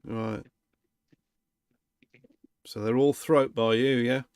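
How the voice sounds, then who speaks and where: A man's voice: medium pitch, fairly even intonation, slow pace, darkish tone, smooth, dry recording. A man hosting a casual livestream chat, playful and teasing, laughing often. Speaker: livestream host.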